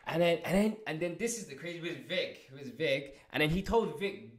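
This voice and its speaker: A man recapping a show episode in a casual review, excitable and swearing, with many restarts and fillers. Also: a little high, normal speed. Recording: roomy echo.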